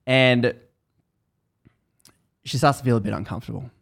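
A man hosting a podcast, casually retelling a book's story in animated bursts that build tension. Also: medium pitch, moderate pace, gravelly, husky. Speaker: podcast host. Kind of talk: casual book recap chat.

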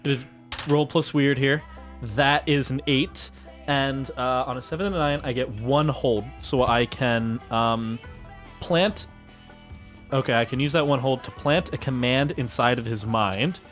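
A man's voice: mid-range voice, unhurried, a bit bright, faint music behind. A man playing a tabletop game, talking in a playful, stammering way. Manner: stammering, playful, laughs often. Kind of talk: casual tabletop game play.

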